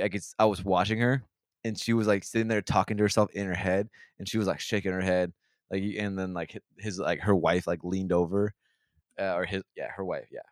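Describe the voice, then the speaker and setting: In casual podcast chat, a young male host with a low voice spins a profanity-heavy, meandering story, constantly restarting sentences and dropping quick impressions of those involved. The audio is close and dry with no room sound.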